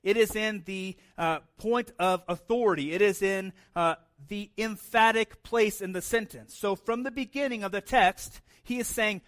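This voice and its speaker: A man's voice: high voice, normal speed, hardly any pauses, fairly bright tone. A man in his thirties preaching a sermon in a conversational way, often adding "right?" and repeating words as he goes. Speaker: pastor.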